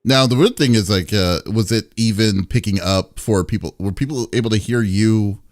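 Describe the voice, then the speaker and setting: A man's voice: on the low side, moderate pace, dry recording, studio quality. A man hosting a casual podcast, talking in an easygoing way and stumbling over fillers. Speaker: host.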